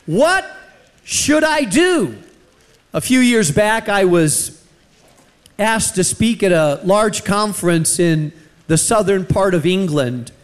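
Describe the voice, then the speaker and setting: A man's voice: sits high, slow pace, clean tone. A man from the United States preaching a sermon, telling a personal story and acting out the voices in it. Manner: animated, acts out quoted voices.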